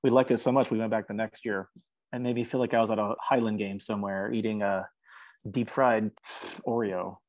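A man's voice: fairly low pitch, steady tone, brisk, a little mellow, no echo. A man, a musician guest on an interview podcast, talking in an earnest, chatty way and laughing often. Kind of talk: casual interview chat.

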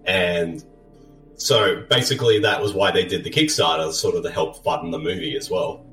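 A man's voice: deep voice, moderate pace, fairly bright tone. A man hosting a casual movie commentary. He is chatty, laughs often and trails off with ums and uhs. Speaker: podcast host. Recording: roomy, distant mic with faint music.

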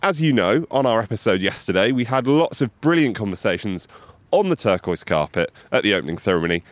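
A man's voice: lowish voice, sing-song, fairly quick, no echo. A man co-hosting a podcast outdoors by a river, playful and reeling off facts in casual chat. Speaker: podcast co-host.

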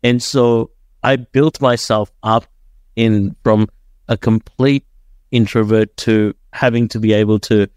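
A man's voice: fairly low pitch, fairly even intonation, measured pace, a little mellow, clear, resonant tone, no echo, studio quality. A young adult man from Dubai, a podcast guest telling his story in casual chat, often tagging sentences with "right?". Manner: storytelling, frequent "right?" tags.

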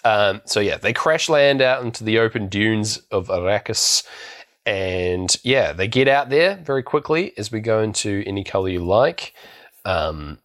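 A man with a fairly low voice that swings widely in pitch as he talks. He recaps a film for a casual podcast, wandering through the plot with plenty of ums and restarts. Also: lively intonation, a little slow, a bit bright. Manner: rambling recap with many fillers and restarts. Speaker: podcast co-host.

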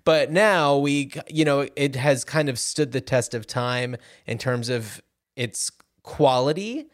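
A man's voice: medium pitch, a little slow, no room sound. Easygoing man, dry close sound. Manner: easygoing, with frequent "you know" fillers. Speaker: podcast co-host. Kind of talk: casual movie chat.

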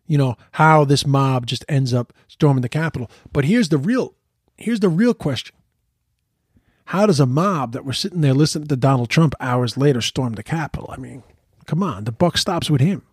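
Profane ranting man, husky voice. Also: medium pitch, no echo, clean studio sound. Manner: profane, ranting, repeats words when heated. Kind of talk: casual political commentary.

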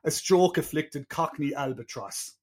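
A man co-hosting a casual podcast, chatty and quick to laugh, with hesitant restarts. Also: fairly high pitch, a little mellow. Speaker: podcast co-host. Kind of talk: casual chat.

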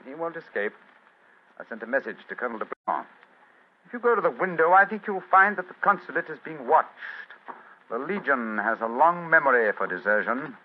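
Cool clever detective, husky voice, very up and down, muffled 1940s radio sound. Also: male voice, medium pitch, big pitch swings, brisk. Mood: calm. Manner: crisp, precise, lecturing. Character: brilliant, composed male detective. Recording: dull lo-fi 1940s radio recording.

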